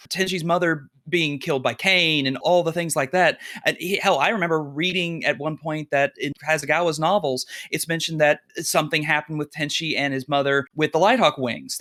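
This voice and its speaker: A man co-hosting a fan podcast, recounting episodes in an animated, storytelling way and acting out the characters' lines in quick put-on voices. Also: on the high side. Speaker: podcast co-host. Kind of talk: casual fan podcast rant.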